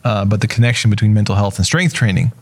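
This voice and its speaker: A man hosting an interview, asking long, halting questions full of fillers. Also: on the low side, steady tone, darkish tone. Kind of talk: casual interview.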